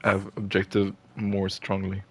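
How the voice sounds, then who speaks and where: Harried bitter mother read by a man, low voice, horror game. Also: monotone, slow, creaky, exaggerated voice. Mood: exasperated. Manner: reading game dialogue aloud. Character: harried mother, bitter about her husband.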